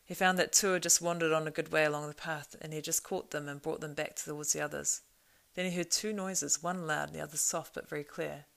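A woman reads a storybook aloud in a measured, expressive way. Her voice sits low for a woman, with a steady gravelly rasp. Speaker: audiobook narrator. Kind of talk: storybook narration.

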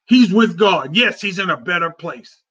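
A man's voice: high voice, expressive, moderate pace, a bit bright, breathy edge. A man hosting a casual talk show, speaking in a heartfelt, repetitive, conversational way. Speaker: host. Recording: dull lo-fi sound.

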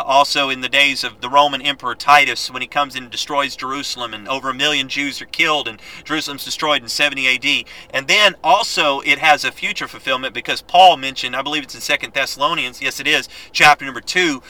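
A man with a medium-pitched, pushed and bright voice teaches a Bible lesson, reading scripture aloud and exhorting his listeners. He speaks earnestly and quickly, with frequent restarts, on a low-quality recording.

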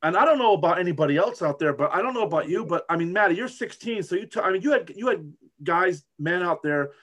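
A man's voice: sits high, expressive, fast, a bit bright. A middle-aged man from the United States chatting casually as a co-host, rambling with many restarts and fillers. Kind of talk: casual chat.

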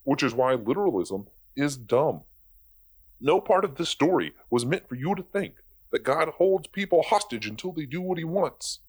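A man's voice: fairly high pitch, big pitch swings, moderate pace, darkish tone, husky. Sarcastic, swearing man ranting casually. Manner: sarcastic, exasperated, swears freely. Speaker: video commentator. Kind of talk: profane ranting commentary.

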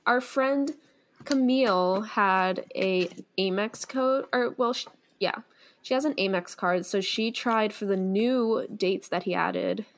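Young woman cohost just chatting, telling a story all excitable. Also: medium pitch, takes it slowly. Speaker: podcast co-host. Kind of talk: casual chat.

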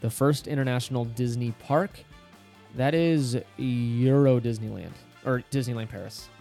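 A man's voice: medium pitch, moderate pace, creaky, warm tone, faint music behind. Upbeat man co-hosting a podcast. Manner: upbeat, explains figures, teasing quizmaster. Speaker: podcast co-host. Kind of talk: casual podcast chat.

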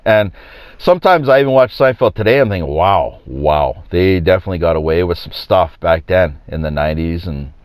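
A man's voice: medium pitch, no echo. A man hosting his own podcast, talking in a rambling, opinionated way and chuckling at his own jokes. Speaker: podcast host. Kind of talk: casual opinionated monologue.

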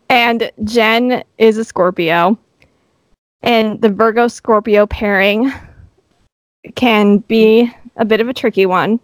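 A woman's voice: on the high side, fairly even intonation, slow pace, dry recording. A woman co-hosting a casual podcast, explaining and reading bits from a book. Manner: explanatory, reads from an astrology book. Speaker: podcast co-host. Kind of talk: casual chat, recapping a dating show.

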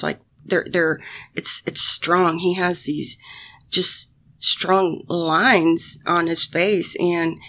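A woman with a low, gravelly voice speaks slowly and unhurriedly. She tells a personal story to her audience in a casual, halting way, full of fillers, restarts and frequent swearing, with sighs along the way. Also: a bit bright. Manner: emotional, sighing. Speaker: solo vlogger talking to her audience.

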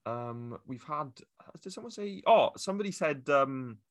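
A male podcast host with a lively, bouncing pitch. He teases his guests and laughs easily in casual chat. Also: moderate pace. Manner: laughs often, teasing.

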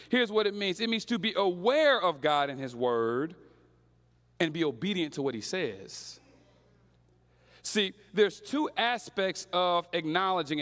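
Young male preacher, high voice, slangy storytelling sermon. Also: fairly bright tone, long reverb tail.

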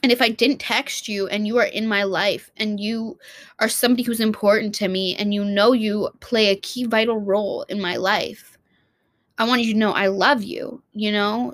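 A woman's voice: a little high, a bit bright, no room sound. Rambling young woman, dry close sound. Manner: rambling, self-interrupting, swears casually. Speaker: vlogger. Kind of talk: casual heartfelt monologue.

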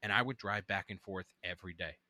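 A man's voice: low-pitched, sharp tone, no room sound. A young man in a casual podcast chat, rambling through memories and swearing freely. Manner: rapid, rambling recollection with swearing. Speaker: podcast co-host.

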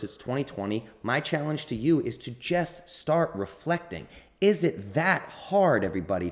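Man, podcast host, blunt and emphatic, swears now and then, very lively pitch. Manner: emphatic, blunt and profane, repeats points for emphasis. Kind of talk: solo motivational podcast monologue.

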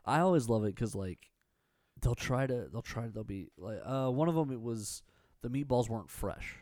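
A man with a mellow, dark voice recounting stories in relaxed conversation. He slips into quoted voices and laughs often. The sound is dry and close. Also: medium pitch, moderate pace, no echo. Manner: animated storytelling, acts out quotes, laughs often. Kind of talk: casual chat.

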